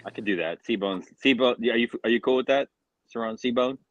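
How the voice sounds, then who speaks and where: A man's voice: mid-range voice, moderate pace, dry recording, dull audio. A man on a live panel, talking in laid-back street slang and teasing the others. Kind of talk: casual chat.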